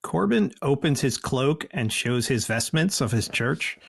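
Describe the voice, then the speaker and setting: A man in a tabletop game playing a shy, halting cleric. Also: medium pitch, expressive, creaky, slightly rough. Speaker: player. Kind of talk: in-character tabletop role-play.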